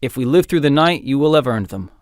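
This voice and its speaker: A man voicing a gruff older clan chief who barks battle orders in a fantasy audiobook. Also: medium pitch, animated, fast talker, no echo, studio quality, close to an everyday voice. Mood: stern.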